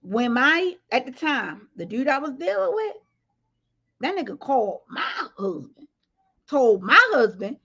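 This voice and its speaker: A woman's voice: high-pitched, very animated, measured pace, bright, forceful tone, husky. Woman going off on a livestream, blunt and cussing, bit of a dull sound. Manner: blunt, profane, addresses viewers directly. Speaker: livestream commentary host. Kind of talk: casual livestream commentary.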